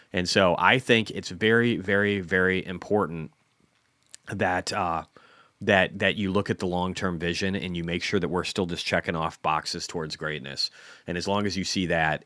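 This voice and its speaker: A man's voice: deep voice, fairly bright tone, no room sound. A man in his forties hosting a casual stock market livestream, rambling and self-deprecating, often repeating words. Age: 40s.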